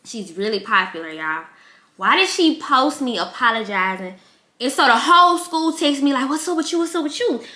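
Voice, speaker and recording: A young woman speaking in tells a personal story in a casual, candid way. Her voice is bright, and she acts out her relatives as she goes. The sound is roomy, with a noticeable echo. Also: mid-range voice. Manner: candid, emotional, animated quoting of relatives. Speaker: vlogger. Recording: echoey room.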